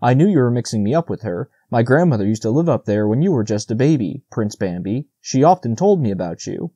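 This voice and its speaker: A man's voice: mid-range voice, big pitch swings, fairly quick, mellow, slightly rough, no echo. A man voicing a talkative, eager young male squirrel in a storybook reading. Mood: chatty. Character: chattering young male squirrel, friendly and rambling.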